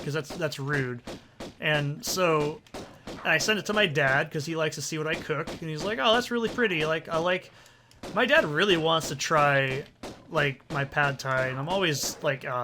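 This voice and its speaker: A man's voice: a little high, bright, forceful tone, slight background noise. A young man hosting a let's play, telling a long rambling story with lots of swearing while he plays. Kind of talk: casual gameplay commentary. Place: soundproofed home recording corner. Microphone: desk condenser mic with pop filter.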